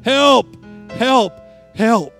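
A man voicing a little girl trapped in a burning house, crying out for help in a high, desperate voice. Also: extremely slow, a bit bright, soft background music, heavily acted. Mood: panicked.

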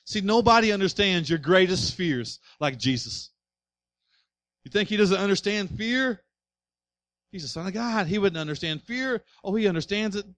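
High-voiced man preaching. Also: expressive, no echo. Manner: emphatic, swings between loud urging and quiet slow passages. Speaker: pastor. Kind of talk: sermon.

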